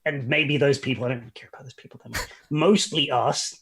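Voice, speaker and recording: Sarcastic, husky-voiced male player. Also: medium pitch, fairly even intonation, fast, a bit bright. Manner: sarcastic and wisecracking. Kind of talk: casual tabletop game play.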